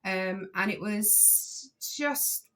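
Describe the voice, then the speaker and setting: A woman driving instructor talking as a guest on a podcast, earnest and enthusiastic, with many pauses and ums. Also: medium pitch, fairly bright tone. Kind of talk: casual podcast conversation.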